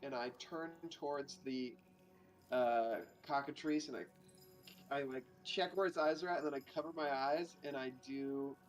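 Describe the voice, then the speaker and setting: A man's voice: medium pitch, steady tone, unhurried, faint music behind. A man playing a tabletop role-playing game in a casual, playful way, often stopping and restarting, recorded at home over an online call. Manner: playful, hesitant, many restarts. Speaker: player.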